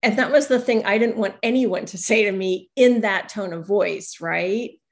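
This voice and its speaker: A woman with a medium-pitched voice talks at a moderate pace. She is a newspaper columnist appearing as an interview guest, speaking candidly and reflectively, and she often acts out what other people said to her.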